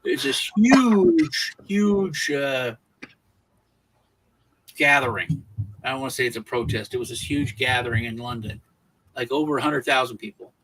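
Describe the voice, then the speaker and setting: The recording is low quality, and the speaker, an American podcast co-host, uses a mid-range voice that's a little slow with frequent pauses. He tells stories animatedly in a casual discussion, with many restarts and repeated words.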